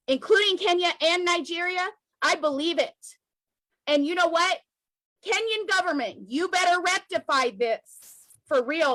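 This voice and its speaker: A very high, bright-toned woman speaking with fervent emotion, hammering her points home by saying them twice. Her voice is crisp and forceful, recorded close and dry with no room echo. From United States. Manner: emotional, emphatic, repeating for emphasis. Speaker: activist commentator. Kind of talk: impassioned video commentary.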